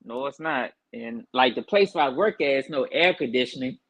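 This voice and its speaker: A man's voice: medium pitch, animated, moderate pace, a bit bright, no room sound. Laid-back man in his forties telling stories. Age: 40s. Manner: laid-back storyteller, loose and rambling. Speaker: caller. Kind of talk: casual chat.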